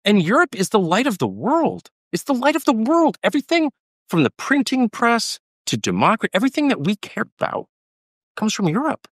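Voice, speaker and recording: A man's voice: sits high, sing-song, brisk, no echo, clean studio sound. An American man as the guest in a heated political conversation, talking in an emphatic, combative way and repeating his points for stress. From United States. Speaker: interviewee.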